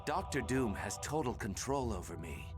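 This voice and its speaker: A man voicing a mind-controlled male hero leader, cold and defeatist, with a flat, cold persuasive delivery, from game audio. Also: mid-range voice, moderate pace, close to an everyday voice. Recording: game audio over music.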